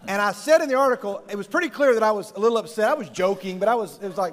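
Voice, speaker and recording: A man's voice: high-pitched, lively intonation, racing. A middle-aged man speaking as a youth pastor, a jokey, rambling storyteller who laughs often at his own stories. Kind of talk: humorous talk to a live youth audience. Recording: long reverb of a large hall.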